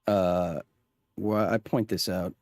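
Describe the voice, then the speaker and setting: A man's voice: low-pitched, fairly even intonation, takes it slowly, darkish tone, dry recording, clean studio sound. A man hosting a live-streamed podcast, talking wryly to his chat and reading testimony aloud with many restarts. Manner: wry, talks straight to chat, frequent restarts. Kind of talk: casual livestream chat and read-aloud of testimony.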